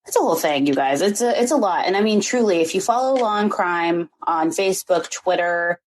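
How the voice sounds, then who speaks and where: Woman host just chatting on a live stream, kinda low voice, lots of um and like. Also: lively intonation, fairly quick, slight background noise. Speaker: podcast host. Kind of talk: casual live-stream commentary. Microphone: home microphone for a live stream.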